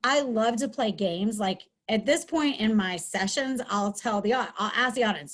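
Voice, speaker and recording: A woman's voice: medium pitch, normal speed. A middle-aged woman, a school counselor, giving an upbeat, chatty webinar lesson from home over a video call, with many fillers. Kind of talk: webinar teaching talk.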